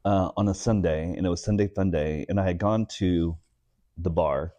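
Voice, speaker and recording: A man's voice: sits low, moderate pace. A man in his forties from Texas, a guest telling personal stories in a casual interview and acting out the voices of the people he quotes. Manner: animated storyteller who acts out quoted voices.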